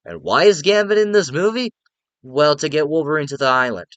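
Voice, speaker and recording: A man's voice: fairly high pitch, expressive, fairly quick, fairly bright tone, clear, resonant tone, no room sound. A young man giving a casual, profane, exasperated movie review rant, rambling with lots of filler words.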